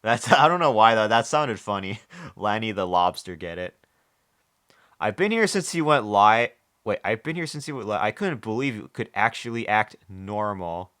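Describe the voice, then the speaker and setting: Man, livestreamer, somewhat low voice, rambling chat, curses a lot, trips over his own sentences. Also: expressive, normal speed, fairly bright tone. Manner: rambling, joking and swearing, many restarts. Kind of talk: casual live-stream chat.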